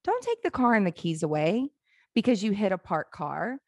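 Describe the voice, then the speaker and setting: A woman's voice: mid-range voice, very animated, moderate pace, no room sound. A woman in her forties telling candid family stories in casual chat, laughing and swearing now and then.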